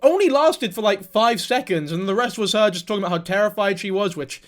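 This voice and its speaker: A young man with a British accent and a fairly high voice runs sarcastic reaction commentary. He swears freely and wanders off into tangents. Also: a little fast. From Britain. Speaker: commentary host.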